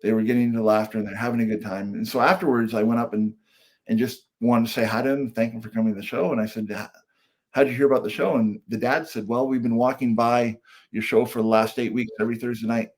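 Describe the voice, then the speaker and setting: A man's voice: on the low side, steady tone, fast. A middle-aged man, a comedian and speaker, telling an earnest personal story as a guest on a podcast.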